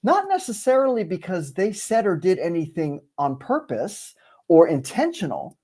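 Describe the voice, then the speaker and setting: A man's voice: high voice, moderate pace, husky. A man, a speaker and author, telling a story in a conversational interview, acting out the voices of people in it. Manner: animated storyteller, acts out quoted dialogue. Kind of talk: conversational storytelling on a video call.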